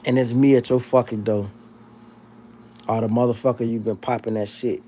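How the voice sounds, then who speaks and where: Profane, animated man. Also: medium pitch, normal speed, a little hiss or hum. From South Florida. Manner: profane, animated, rambling with restarts. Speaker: livestream host. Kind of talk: casual livestream chat reading comments.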